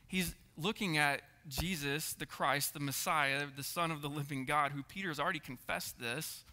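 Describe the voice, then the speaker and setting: A man's voice: on the high side, normal speed, bright, forceful tone. A man preaching a sermon, earnest, repeating words and checking in with the congregation. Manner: earnest, repeats words and asks the room "right?". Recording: echoey hall reverb.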